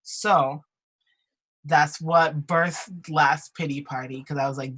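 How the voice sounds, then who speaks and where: A young woman chats from her bedroom on a video call, her bright, sharp voice full of restarts and quick laughs. She comes across as a casual singer-songwriter talking about her own song. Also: low voice, fairly even intonation, husky. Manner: chatty, laughing, many restarts. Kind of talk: casual chat and acoustic singing. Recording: guitar music behind the singing.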